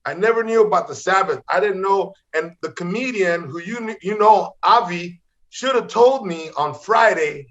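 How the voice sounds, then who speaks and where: Excitable comedian man telling stories. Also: sits high, moderate pace. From Los Angeles. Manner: energetic, repeats "bro" and "man", acts out voices. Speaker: comedian guest. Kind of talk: animated storytelling. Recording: slightly dull lo-fi audio.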